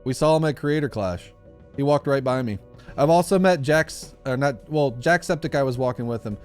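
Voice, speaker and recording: A man's voice: medium pitch, moderate pace, darkish tone, smooth, soft background music. A young man chatting casually on a live stream while gaming, rambling through a story with lots of fillers and restarts.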